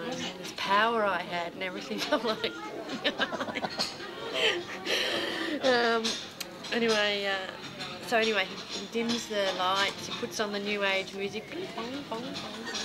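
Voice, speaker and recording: A woman from Australia telling a rambling anecdote in a casual, chatty way, often laughing as she talks. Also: medium pitch. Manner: chatty, laughs through her story, imitates others. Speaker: improvising actor telling an anecdote. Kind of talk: improvised casual storytelling.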